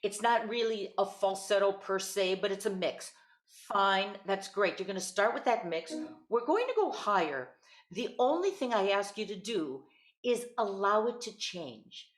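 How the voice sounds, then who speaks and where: A woman leads a voice lesson over a video call, coaching gently and singing short warm-up sounds herself. Her voice sits in a middle range, neither high nor low. The call picks up a noticeably echoey room around her. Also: expressive, a little slow. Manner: patient, encouraging, demonstrates vocal exercises. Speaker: voice teacher. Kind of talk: online voice lesson.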